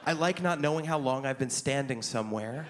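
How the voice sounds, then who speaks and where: A young man performing a stand-up comedy set on a club stage, telling stories in an animated way and jumping into high, excited voices for himself. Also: fairly quick, slight background noise.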